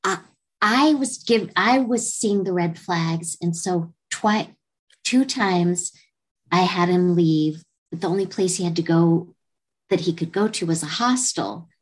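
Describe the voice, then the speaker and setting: A woman with a slightly low, husky voice recounts her past on a casual podcast. She talks candidly and loosely, with restarts and chuckles. She brings other people to life by briefly acting out their words. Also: measured pace. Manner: candid, rambling, laughs often, acts out quotes. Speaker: podcast guest, actress. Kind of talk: casual storytelling chat.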